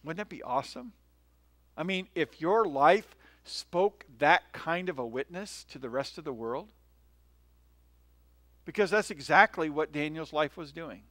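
A male pastor preaching a sermon in a relaxed, conversational way, telling stories and often checking in with his listeners. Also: on the high side, a little slow, dry recording. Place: church.

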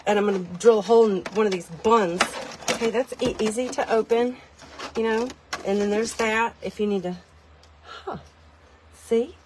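A woman vlogging a chatty product demo from inside a tiny car, rambling, self-deprecating and easily excited. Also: mid-range voice, a little hiss or hum.

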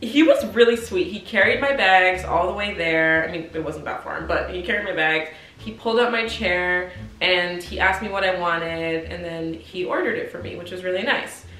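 A woman in her twenties telling a casual storytime, animated and slangy, acting out the dialogue. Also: on the low side, moderate pace, a little hiss or hum. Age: 20s. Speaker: vlogger. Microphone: compact camera mic. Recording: roomy sound with faint music.

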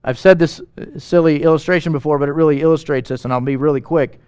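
Guy pastor preaching, kinda high voice, dry close sound, gets loud and animated. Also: quick pace, clear, resonant tone, no echo. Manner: animated, rising to emphatic questions, asides to the congregation. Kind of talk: sermon.

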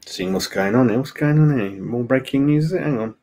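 A man's voice: medium pitch, fairly quick, mellow. A man hosting a casual fan live stream, chatting loosely, greeting viewers by name and saying "mate" a lot. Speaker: fan channel host.

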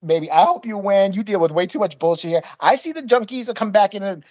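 A woman podcast host telling a long story in casual chat, profane and animated, acting out the people in it. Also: medium pitch, fast, no echo. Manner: animated, profane, acts out voices in her story.

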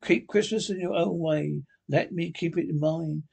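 A man's voice: on the high side, moderate pace, creaky, darkish tone, slightly rough. A man reading a stern, scornful old miser. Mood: indignant. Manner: curt, cold, indignant.

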